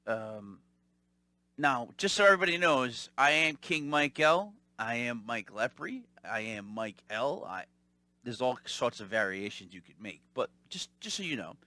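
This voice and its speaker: Male podcast host, rambling storyteller, lively pitch, bright tone, dry close sound. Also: no room sound. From Italian-American family. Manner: animated, rambling, mimics callers. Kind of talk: casual storytelling monologue.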